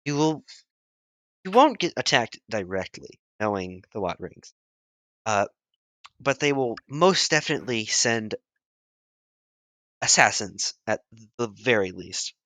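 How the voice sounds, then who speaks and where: A game master voicing a calm, knowing male advisor who speaks in a measured, matter-of-fact way. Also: mid-range voice, dry recording, clean studio sound, voice pushed down.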